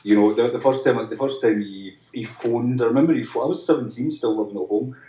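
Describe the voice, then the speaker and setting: A man's voice: medium pitch, fast, warm tone. A musician guest in a chatty interview, telling long anecdotes with many restarts and acting out the voices of people he quotes. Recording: roomy, distant, dull sound.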